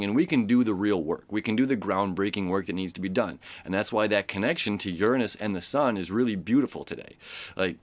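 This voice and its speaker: A man's voice: fairly low pitch, no echo. A man hosting a daily horoscope, talking casually and rambling with many fillers and asides, sometimes acting out quoted voices. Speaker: astrology host.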